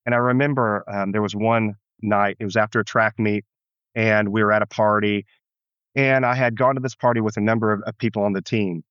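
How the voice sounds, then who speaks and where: A man's voice: on the low side, fairly even intonation, fairly quick, a bit bright, clean tone, dry recording. A man from the United States, a pastor, telling his story in an interview in an earnest, reflective way with frequent restarts. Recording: dull muffled lo-fi sound.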